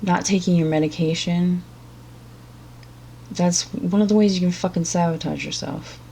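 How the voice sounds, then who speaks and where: A woman's voice: on the low side, fairly even intonation, moderate pace, vocal fry, mellow, a little hiss or hum. A woman giving blunt, profane and sarcastic reaction commentary as a vlogger.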